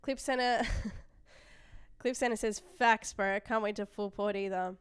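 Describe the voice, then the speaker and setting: A young woman with an Australian accent chats casually on a live stream, reading viewer comments aloud and often trailing off mid-thought before starting again. Her voice is smooth and clean. The sound is dry and close, with no room echo. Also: mid-range voice, steady tone, measured pace. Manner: chatty, reads chat messages aloud, trails off and restarts. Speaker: livestream trading host.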